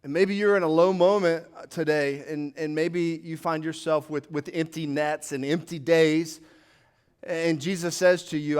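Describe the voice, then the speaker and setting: A man's voice: on the high side, fairly even intonation, a little slow, clear, resonant tone. A man preaching a sermon as pastor, acting out scenes from the Bible with rising emphasis.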